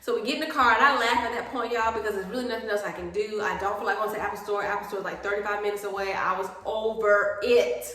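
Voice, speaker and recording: A young woman telling a chatty storytime vlog, animated and acting out the people in her story. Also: mid-range voice, fast talker, hardly any pauses. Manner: animated, acts out quoted people. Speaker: vlogger. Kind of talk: chatty storytime while doing skincare. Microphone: phone. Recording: very echoey room.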